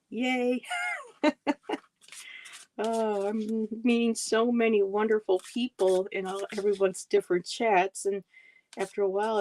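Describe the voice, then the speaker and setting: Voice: medium pitch, darkish tone, low-quality recording. A card reader hosting a casual livestream, greeting viewers in the chat by name and now and then tripping over words.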